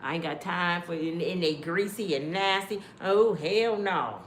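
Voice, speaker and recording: A woman in her fifties ranting casually to her viewers, blunt and profane, telling animated stories, recorded in an echoey room. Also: fairly low pitch, moderate pace, a little hiss or hum. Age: 50s. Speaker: online commentator.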